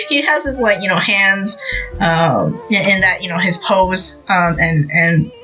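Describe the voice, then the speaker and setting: A woman's voice: on the low side, animated, takes it slowly, sharp tone, faint music behind, rough recording. A young woman hosting a podcast, recapping a manga in casual, rambling chat full of fillers and acted-out quotes. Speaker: podcast host.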